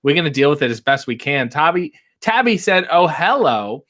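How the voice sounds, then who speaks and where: A man's voice: fairly high pitch, lively intonation, brisk, a bit bright. Playful, theatrical man hosting a livestream. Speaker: livestream host. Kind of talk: casual chat reading live comments. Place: home set with ring light. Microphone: desk microphone.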